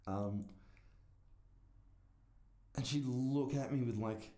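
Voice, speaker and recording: A man's voice: mid-range voice, slow pace, mellow. A man, rambling and swearing through a casual solo podcast. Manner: rambling, profane, self-deprecating. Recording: echoey room.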